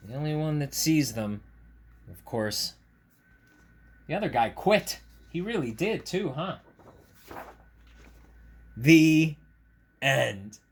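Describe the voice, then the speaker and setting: A man's voice: a little high, unhurried, pauses often. A male teacher reading a picture book aloud to children and playfully chatting with puppets. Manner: animated, playful, warmly teasing. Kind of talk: children's story-time reading and puppet chat.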